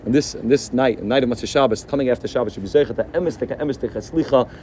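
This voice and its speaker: A man giving a sermon as a rabbi, telling a story in an animated way and sprinkling his speech with Yiddish and Hebrew words. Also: mid-range voice, racing, slight background noise.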